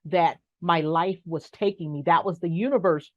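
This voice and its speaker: A woman's voice: lowish voice, normal speed, no echo, muffled recording. A middle-aged woman speaking as an interview guest, frank and emphatic, sometimes reflective. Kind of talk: conversational interview.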